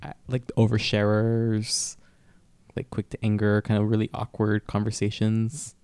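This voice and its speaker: A chatty man co-hosting a podcast who tells stories with an easy rhythm. His voice is smooth and resonant, and it sounds dry and close to the mic. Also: on the low side, little pitch movement, a little slow, darkish tone, dry recording. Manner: chatty storyteller, laughs often. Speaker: podcast co-host. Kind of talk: casual chat.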